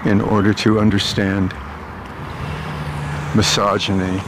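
A man's voice: on the low side, little pitch movement, noisy background. A man rambling aloud in a meandering walk-and-talk monologue, outdoors on his way home through a park. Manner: meandering, musing aloud with pauses and restarts. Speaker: vlogger.

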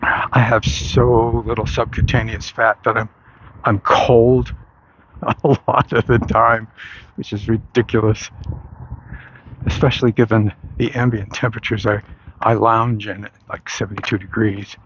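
Guy chatting to himself on a walk outside, kinda low voice, dull lo-fi sound with faint street noise. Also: little pitch movement, unhurried. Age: adult, long into adult life. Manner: rambling, self-correcting, wry laughs. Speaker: vlogger. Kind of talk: casual rambling monologue while walking. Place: outdoors on a street.

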